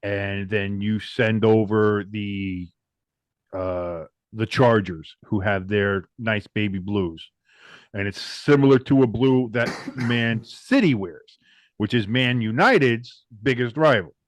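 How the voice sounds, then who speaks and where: Sports podcast co-host, man, animated, profane, ranting; dry, close sound. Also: on the low side, takes it slowly, no room sound. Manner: animated, swears freely, ranting. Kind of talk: casual sports chat.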